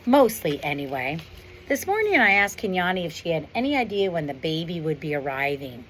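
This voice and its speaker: A woman's voice: lowish voice, sing-song, brisk, fairly bright tone. A woman reading aloud as a proud, dry-humored male silverback gorilla narrating his storybook life, outdoors on a windy day. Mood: wry. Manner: wry, understated storybook narration.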